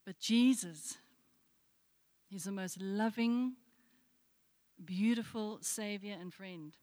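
A woman's voice: medium pitch, takes it slowly, mellow. A woman preacher delivers a sermon in a mid-range voice, carried by the long reverb of a church hall. She tells her story with repeated rhetorical questions that draw the congregation in.

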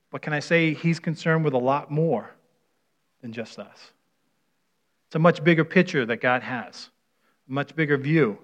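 Folksy middle-aged male preacher, lo-fi. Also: on the high side. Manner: folksy, storytelling, frequent restarts and repeated words. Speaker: pastor. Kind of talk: conversational sermon. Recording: dull lo-fi sound.

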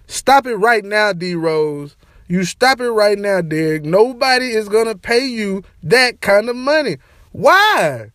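A young man ranting casually to camera as a sports and entertainment vlogger, slangy and animated, repeating his catchphrases. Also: high-pitched, a little slow, dry recording, studio quality. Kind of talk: casual opinion rant to camera.

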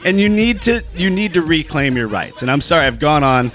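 Profane ranting man, lively pitch. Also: a little fast. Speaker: podcast co-host. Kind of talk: casual podcast chat.

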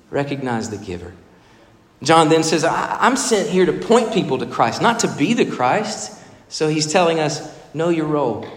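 Male preacher in an echoey hall. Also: medium pitch. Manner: expressive preaching, acts out quoted voices. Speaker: pastor. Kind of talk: sermon.

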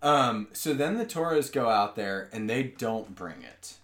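A podcast host with a medium-pitched voice and lively intonation speaks at a measured pace in a podcast studio, the sound roomy with a noisy background. His casual chat turns into profane, mocking rants full of swearing.

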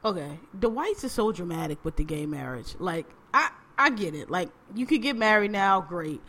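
A woman hosting a casual chat, ranting with profanity and quick animated emphasis. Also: on the low side.

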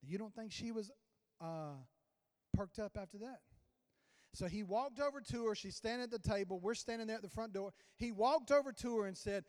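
A man preaching a sermon as a pastor, telling a story with sudden swings in loudness. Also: sits high, normal speed. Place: church sanctuary. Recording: long church reverb.

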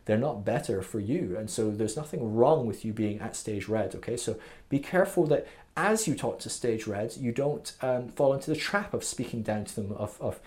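Male podcast host, mid-pitched, earnest and informal, restarts often and keeps checking in with listeners. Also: animated, moderate pace, darkish tone. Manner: earnest, many fillers and restarts, repeated "okay?" checks. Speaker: podcast host teaching a spiritual growth model. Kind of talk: casual teaching monologue.

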